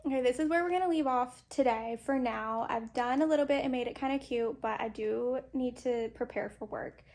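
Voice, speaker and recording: With a fairly quick, a little mellow voice on the high side, a young book vlogger casually walks through her bookshelves. She's chatty and a bit out of breath, leaning on fillers and the word "y'all."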